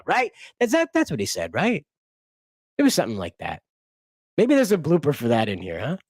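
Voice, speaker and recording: A man's voice: mid-range voice, huge pitch swings, normal speed, dry recording, studio quality. A man hosting a casual commentary stream, rambling and swearing with frequent laughs. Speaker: host.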